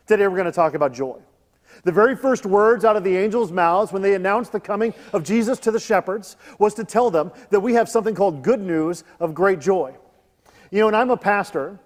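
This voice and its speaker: High-voiced pastor in a reverberant hall. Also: male voice. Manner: conversational, joking asides. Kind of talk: sermon. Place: church hall. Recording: long reverb of a large hall.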